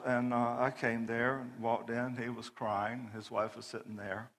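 A middle-aged man preaching a sermon, telling a personal story loudly and animatedly, often laughing. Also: medium pitch, flat delivery, moderate pace, in a large hall. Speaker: pastor.

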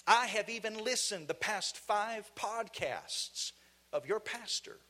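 Brief: Southern US male preacher, high bright voice, fiery call-and-response delivery in a church. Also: animated, slow pace. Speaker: guest preacher. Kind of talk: energetic sermon. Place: church sanctuary.

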